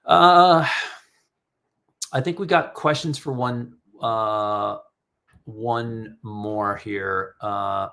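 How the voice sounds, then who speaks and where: A middle-aged photographer chats candidly on a live stream, rambling as he reads audience questions out loud and critiques photos. His voice is mid-range and a bit bright.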